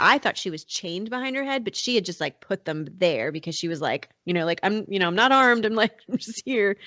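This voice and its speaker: A woman's voice: fairly low pitch, no echo. A woman hosting a true-crime podcast, telling the story in a casual, chatty way with lots of fillers. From North Carolina. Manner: chatty, many fillers like "like" and "you know". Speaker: podcast host.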